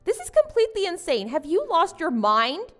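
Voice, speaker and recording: A woman's voice: extremely high pitch, huge pitch swings, moderate pace, a bit bright, faint music behind, full character voice. A woman voicing a wronged young wife and new mother who protests and pleads with her husband. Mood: protesting. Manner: indignant, pleading. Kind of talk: story drama voice acting.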